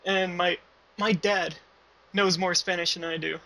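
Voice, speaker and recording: A young male host asks short, easygoing questions. His voice sits high and stays fairly flat, with a gravelly fry underneath. The tone is bright. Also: measured pace, poor audio. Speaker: interview host. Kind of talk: casual interview questions.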